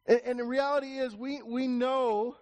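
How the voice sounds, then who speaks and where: A man's voice: extremely high pitch, fairly even intonation, moderate pace, a little mellow. A man preaching a sermon to his congregation in a church, emphatic and repetitive, raising his voice to call for attention. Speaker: pastor.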